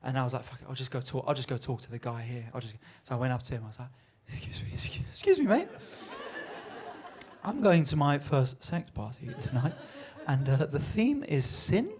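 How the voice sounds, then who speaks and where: A man's voice: medium pitch, lively intonation, fairly quick, hardly any pauses, darkish tone. A young man performing a stand-up comedy set, telling a story and acting out the voices of the people in it. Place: comedy venue on stage.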